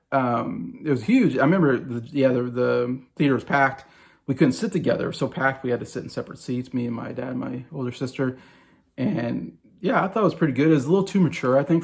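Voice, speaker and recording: A middle-aged man recalls favorite films in an unscripted, rambling way, full of fillers and restarts. His voice sits at an ordinary pitch with a gravelly, creaky edge. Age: 40s. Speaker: movie vlogger. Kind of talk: casual movie review.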